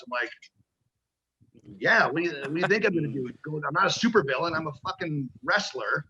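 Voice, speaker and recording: A man's voice: on the high side, animated, quick pace, pushed and bright, highs cut off, slight background noise. A man, a pro wrestler, telling rambling, profane stories in a casual interview and acting out the voices of people he quotes.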